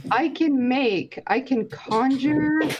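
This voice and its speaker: A woman playing a tabletop game, slowly thinking aloud about her spells. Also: sits high. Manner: slow and thinking aloud, reading from her sheet. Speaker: player. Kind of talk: casual tabletop game chat. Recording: dull lo-fi sound with faint noise.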